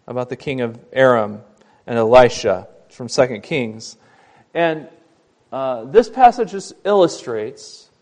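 A man preaching a sermon, retelling a Bible story, loud and emphatic in some passages and quiet and soft in others. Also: medium pitch. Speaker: pastor.

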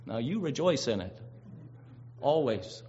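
A man playing a father who sternly lays down rules for his kids, in a deliberate, mock-serious tone. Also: mid-range voice, sing-song, dark tone, a little hiss or hum, pitched below the performer's own voice. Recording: dull lo-fi recording.

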